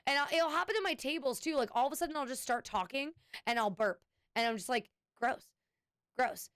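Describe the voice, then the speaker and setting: A woman with a high, fast, somewhat bright, clean voice is recorded in clean studio sound with no room noise. She's a streamer casually chatting with her viewers, rambling, restarting sentences, and saying "anyway" often. She's chatty and thanks subscribers along the way.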